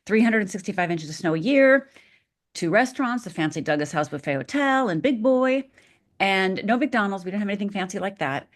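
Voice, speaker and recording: A woman's voice: medium pitch, expressive, brisk. A middle-aged woman from Upper Michigan, a podcast guest telling a personal story dramatically and acting out the voices in it.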